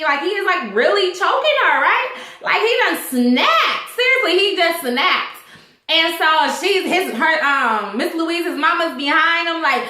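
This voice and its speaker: A high-voiced young woman chats through a TV episode recap, bright and animated, with plenty of cursing. She slips into the characters' lines as she goes. The sound is echoey, like a bare room. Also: measured pace. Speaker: vlogger reviewing a TV episode. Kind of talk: casual recap chat.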